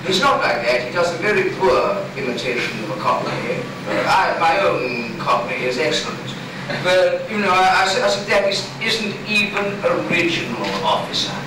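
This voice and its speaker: Guy doing a comic bit, high voice, echoey far off live tape, loads of noise. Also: moderate pace. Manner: chatty, animated, voices people in his stories. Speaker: comic performer. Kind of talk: stand-up storytelling. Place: small club from across the room. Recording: far-off echoey live room recording, loud background noise.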